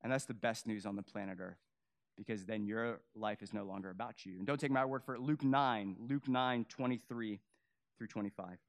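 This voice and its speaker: A young adult man preaching a sermon, swinging from loud emphatic peaks to quiet, low, earnest stretches, with casual asides to the congregation. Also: fairly even intonation, moderate pace. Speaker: pastor.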